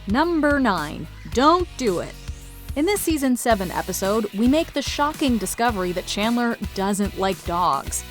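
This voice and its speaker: A woman's voice: fairly high pitch, sing-song, unhurried. A woman reading scripted voice-over narration for a countdown video, upbeat and playful. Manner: upbeat, playful list-show delivery. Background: faint music.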